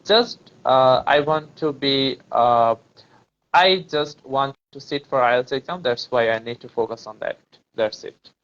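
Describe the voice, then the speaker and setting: A man's voice: medium pitch, a little slow, a bit bright, highs cut off. A man talking casually about English accents and exam preparation, hesitant, with many fillers and restarts. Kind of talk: casual conversation practice.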